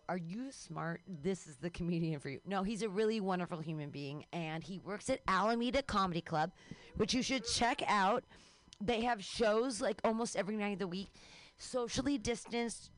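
A woman's voice: medium pitch, normal speed, dry recording. A woman hosting a comedy show, introducing acts with cheery, gushing praise.

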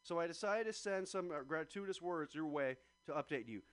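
A man's voice: a little high, fairly quick, no room sound. A man hosting a talk radio show, reading a letter aloud in a joking manner with swearing.

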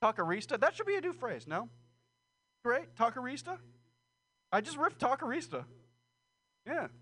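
A man's voice: very high voice, very animated, normal speed, pushed and bright. A man doing a rambling, crude, self-deprecating stand-up set on a small stage, laughing nervously between jokes. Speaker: stand-up comedian.

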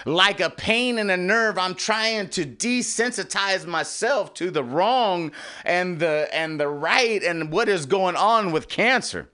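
A man hosting an internet radio show, talking in a rambling, emotional monologue that repeats itself and swings from loud outbursts to hushed asides. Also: sits high, takes it slowly, clear, resonant tone. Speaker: podcast host.

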